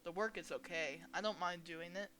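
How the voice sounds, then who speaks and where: A young woman reading a visual novel aloud as a gaming host, expressive and playful as she voices each character. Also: on the low side, normal speed. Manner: expressive, reads each character's lines with shifting energy.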